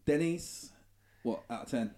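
A man co-hosting a podcast, chatting in a relaxed, agreeable way. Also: mid-range voice, unhurried. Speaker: podcast co-host. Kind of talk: casual chat.

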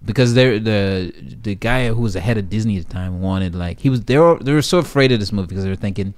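Animated storytelling man, dry close sound. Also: lowish voice, fast, no echo. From Jamaica. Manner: animated, laughing, acts out quotes. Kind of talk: casual storytelling.

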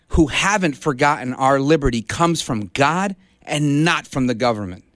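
A middle-aged man from Brooklyn fills in as a talk radio host, rallying his listeners. His voice sits a little high and swings widely in pitch. The studio sound is dry and close. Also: dry recording. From Brooklyn, New York. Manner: impassioned, rallying. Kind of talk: conservative talk radio monologue. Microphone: studio broadcast mic.

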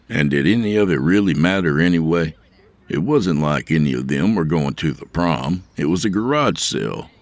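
A man's voice: low voice, no room sound. A man narrating a story in a wry, conversational way.

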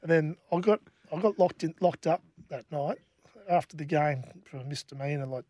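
An Australian man in middle age spins old sporting yarns in a relaxed, stop-start way. His voice sits somewhat high for a man, and the sound is dry and close with no room around it. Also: no echo. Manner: laid-back, halting with many restarts. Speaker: former rugby league player, guest. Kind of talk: casual storytelling.

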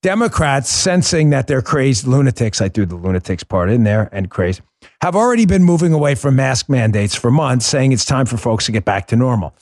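A man's voice: mid-range voice, big pitch swings, fairly quick, a little mellow. A man hosting a political podcast, delivering a combative, mocking monologue.

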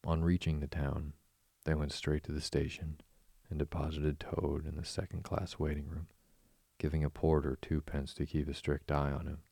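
Guy reading a storybook, super deep voice, dry close sound. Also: completely flat delivery, moderate pace, creaky, dark tone, breathy edge, no room sound. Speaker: narrator.

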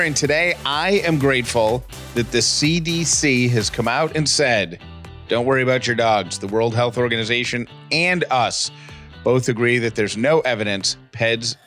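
A man's voice: medium pitch, moderate pace, a bit bright, faint music behind. A man co-hosting a casual chat podcast, playful and rambling, often restarting his sentences. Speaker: podcast co-host.

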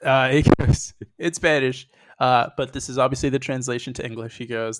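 A man's voice: medium pitch, fairly even intonation, moderate pace, no echo, clean studio sound. A man co-hosting a podcast, talking casually and emphatically and swearing freely. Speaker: podcast co-host. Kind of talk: casual chat recapping wrestling.

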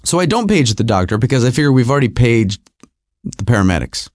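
A middle-aged man telling a personal story in an animated, repetitive, self-mocking way. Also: mid-range voice, quick pace, dry recording, clean studio sound.

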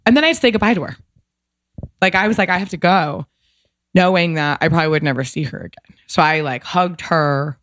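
A woman's voice: sits low, brisk, a bit bright, no room sound, clean studio sound. Candid woman telling an emotional story. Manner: emotional, frank, swears casually, lots of "like". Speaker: podcast guest.

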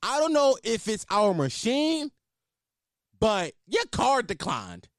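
A young man putting on a high voice for a flustered older waitress who stammers. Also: sing-song, takes it slowly, dry recording, studio quality, full character voice. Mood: awkward, hesitant. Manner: hesitant, stammering.

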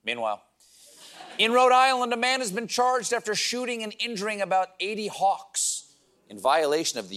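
A man's voice: fairly high pitch, a bit bright. A man hosting a late-night comedy show, delivering a mock-grandiose monologue of jokes. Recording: studio audience laughter behind.

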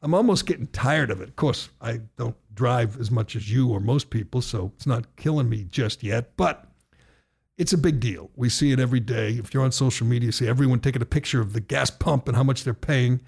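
In a studio, a middle-aged American man hosts a political talk radio show, sounding sarcastic and firing off loud rhetorical questions. His medium-pitched voice is creaky and a bit rough, and he talks a little fast.

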